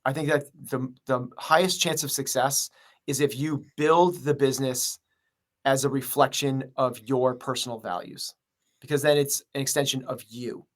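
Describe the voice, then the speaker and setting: A man's voice: mid-range voice, fairly even intonation, normal speed. A man who runs a gym, speaking as a podcast interview guest in an earnest, rambling way full of fillers. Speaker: gym owner and coach.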